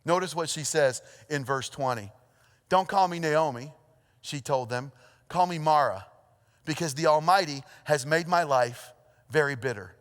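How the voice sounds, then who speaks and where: A pastor preaching a sermon, telling a story with lively energy, then dropping to a hushed, earnest tone. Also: male voice, fairly high pitch, moderate pace. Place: church auditorium. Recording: long hall reverb.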